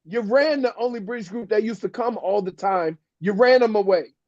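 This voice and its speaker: A man's voice: high voice, normal speed, highs cut off, crowd noise. A man co-hosting a sports radio show, making dry wisecracks about his partner. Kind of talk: casual sports radio banter.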